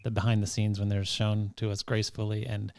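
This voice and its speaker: Podcast host: man with a low, gravelly voice, soft and rambling, dry close sound. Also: little pitch movement, fairly quick, dry recording. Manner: soft-spoken, rambling questions with restarts. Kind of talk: interview questions.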